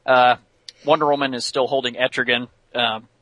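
A man's voice: mid-range voice, little pitch movement, moderate pace, bright, forceful tone, no room sound. Chatty man recapping a cartoon episode. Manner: chatty, many fillers, laughs while telling. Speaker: podcast host.

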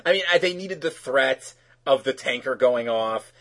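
A man hosting a casual review chat, opinionated and animated, acting out characters' lines as he talks. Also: mid-range voice, normal speed.

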